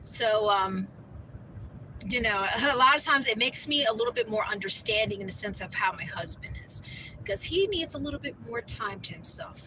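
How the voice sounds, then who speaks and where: A woman's voice: fairly high pitch, animated, normal speed, background noise. A woman vlogger talking in a casual, rambling way, full of "you know" and "like.". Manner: rambling, chatty, heavy on fillers like "you know". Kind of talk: casual vlog chat.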